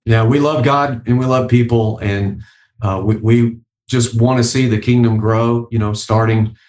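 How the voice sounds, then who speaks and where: A man's voice: mid-range voice, steady tone, unhurried, a little mellow, roomy sound. A man speaking as a church leader guest on a podcast, earnest and hesitant with many fillers.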